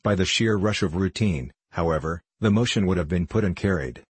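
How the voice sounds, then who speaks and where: Deep husky man, measured audiobook narrator, dry close recording. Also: no echo. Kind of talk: scripted narration.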